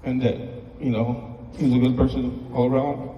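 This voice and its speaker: A man speaking as a father at a funeral, soft-spoken and halting, with many pauses in plain everyday speech. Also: mid-range voice, little pitch movement, highs cut off. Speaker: father giving a eulogy. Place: church or funeral hall. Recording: echoey hall, mic at a distance.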